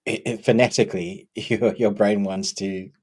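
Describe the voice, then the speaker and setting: A man's voice: lowish voice, fairly even intonation, normal speed, darkish tone, husky. A man co-hosting a live movie chat stream, laid-back and joking.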